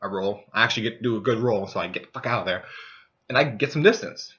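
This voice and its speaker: A man's voice: fairly low pitch, fast talker, a bit bright. A young man casually telling a rambling, profane story about a tabletop game session. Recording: dull lo-fi recording.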